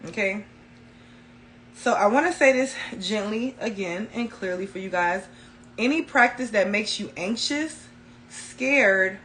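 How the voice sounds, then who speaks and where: A woman in the middle of her pitch range gives a casual spiritual talk straight to her viewers. She speaks in loose, colloquial phrasing, calls them y'all, and hammers her points home by saying them twice. A faint noise sits low behind her voice. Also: a bit bright, poor audio. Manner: emphatic, repeats key phrases for effect. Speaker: spiritual reader.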